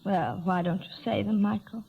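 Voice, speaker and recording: An actress playing a young heiress who is facing an early death, breathless and pleading, in a 1930s radio drama. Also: female voice, medium pitch, fairly even intonation, moderate pace, gravelly, breathy edge. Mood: wistful. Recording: dull old radio broadcast recording.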